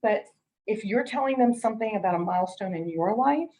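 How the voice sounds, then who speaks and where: A woman's voice: medium pitch, lively intonation, a little fast, warm tone, slight background noise, poor audio. A middle-aged woman giving a conversational real estate training, chatty, full of restarts, acting out what callers say. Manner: chatty, repeats and restarts, acts out quoted callers.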